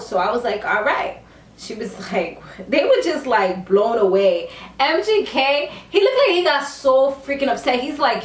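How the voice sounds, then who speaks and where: A woman tells a reality show recap in a loose, chatty way and jumps into the voices of the people she quotes. Her voice sits a little high. She sounds set back from the mic in an echoey room. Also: far from the mic. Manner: animated storytelling, acts out quotes.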